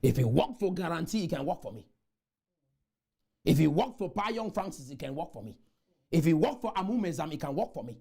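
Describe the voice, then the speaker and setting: A man's voice: on the high side, big pitch swings, brisk, creaky, long pauses, breathy edge. Man, fiery exhorting speaker. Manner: exhorting, repetitive chants, bursts into shouts. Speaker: motivational speaker. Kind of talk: motivational conference speech. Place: conference room.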